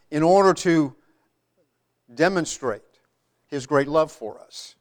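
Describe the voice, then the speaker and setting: High-voiced man preaching conversationally. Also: animated, takes it slowly, pauses often. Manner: conversational, many restarts and repetitions. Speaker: pastor. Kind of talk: sermon with congregation.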